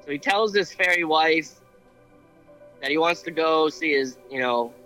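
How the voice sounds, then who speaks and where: Male podcast co-host, bright and slightly high, casual storyteller who stumbles over names. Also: measured pace, highs cut off, faint music behind. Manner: retells legends with many fillers and restarts. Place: airborne helicopter.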